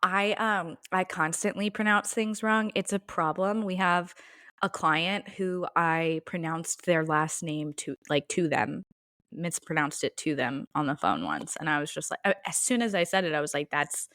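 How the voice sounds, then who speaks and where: A woman's voice: fairly low pitch, moderate pace, fairly bright tone, no echo, studio quality. Chatty young woman co-hosting a podcast. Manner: chatty, laughing, trailing off into asides. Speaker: podcast co-host. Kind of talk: casual chat.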